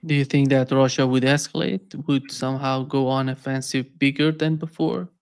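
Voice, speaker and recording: Man, interviewer, flat delivery, gravelly, smooth. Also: medium pitch, moderate pace. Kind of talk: interview questions.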